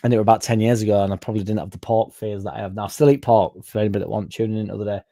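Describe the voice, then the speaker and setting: A man's voice: lowish voice, fairly even intonation, very fast, dark tone. A young man hosting a casual livestream, reading out comments and going off on sweary, rambling tangents. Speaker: fan channel livestream host.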